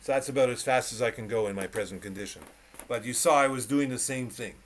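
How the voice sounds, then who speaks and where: Talking fast in a mid-range voice, a man teaches piano to one student over a video call, demonstrating and emphatically repeating short cues. Piano playing and background noise can be heard.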